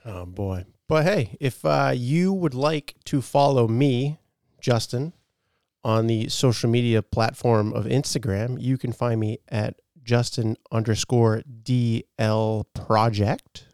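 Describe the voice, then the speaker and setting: A young man co-hosting a podcast in easygoing, profane chat with quick interjections. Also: medium pitch, darkish tone, clear, resonant tone, dry recording, studio quality. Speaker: podcast co-host. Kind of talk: casual chat.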